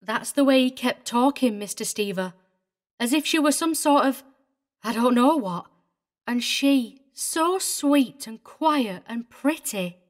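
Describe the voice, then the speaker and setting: A woman's voice: a little high, expressive, slow. A woman as a prim, tearful old governess. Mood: earnest. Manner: prim and indignant, fussily precise. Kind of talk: audiobook character reading.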